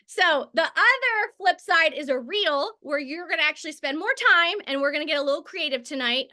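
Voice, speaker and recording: A woman's voice: high voice, sharp tone. A woman in her thirties giving a casual training talk on selling through social media, chatty and full of tangents and filler words. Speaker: network marketing trainer.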